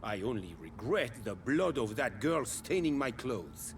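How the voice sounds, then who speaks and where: A man's voice: mid-range voice, very animated, unhurried, soft background music. A man with a French accent voicing a gleeful, decadent vampire aristocrat in a video game, theatrical and purring. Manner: theatrical, purring, relishing every word.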